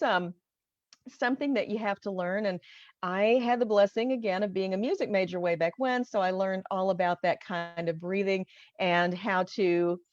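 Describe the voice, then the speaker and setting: A middle-aged online business coach teaches voiceover casually to camera, chatty and encouraging, often checking in with her listeners. Her medium-pitched voice has a darkish tone, captured in a dull, dry home recording with no echo.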